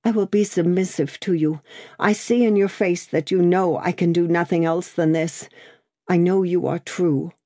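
A woman's voice: on the low side, steady tone, normal speed, warm tone, no room sound, studio quality, lightly acted. A woman reading the part of a young wife who is pale and desperate, speaking in a breathless, imploring way in an audiobook. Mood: submissive.

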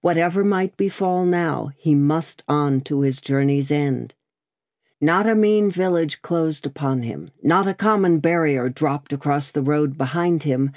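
A reader telling a classic novel in a steady, measured way. The voice sits at a middle pitch, and the recording is close and dry with no room sound. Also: no echo. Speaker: audiobook reader. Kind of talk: scripted narration of a classic novel.

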